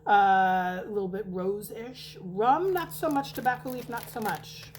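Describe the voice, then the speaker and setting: A woman's voice: mid-range voice, unhurried, poor audio. A middle-aged woman at home, chatting casually and rambling as she reviews wax melts, swearing now and then. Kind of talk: casual chat. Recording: noticeable background noise.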